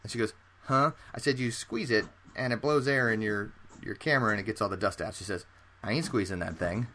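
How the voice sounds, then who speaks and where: A man's voice: mid-range voice, fairly quick, bright, forceful tone. A man co-hosting a photography podcast, telling stories in a rambling casual way with many restarts and fillers. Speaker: podcast co-host. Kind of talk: casual chat.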